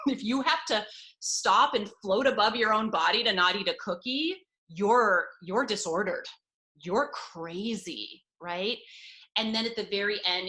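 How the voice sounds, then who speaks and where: This is a woman guest coach speaking candidly over a video call. Her voice is bright and clear, sitting at an ordinary pitch. She talks with lively energy, laughs often and slips into acting out her inner voices. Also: moderate pace. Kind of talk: candid conversational interview.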